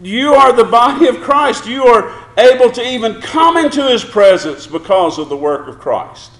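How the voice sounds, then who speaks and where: Lively, high-voiced preacher in a roomy church. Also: male voice, normal speed. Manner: preaching, asks the congregation questions and acts out prayers. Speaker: pastor. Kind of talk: sermon. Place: church sanctuary.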